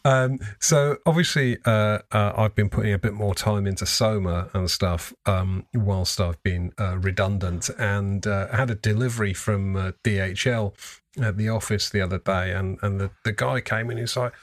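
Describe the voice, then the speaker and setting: Low-voiced man, halting and amused. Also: steady tone, no echo, studio quality. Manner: hesitant with many fillers, laughing easily. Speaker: podcast host. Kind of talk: casual chat.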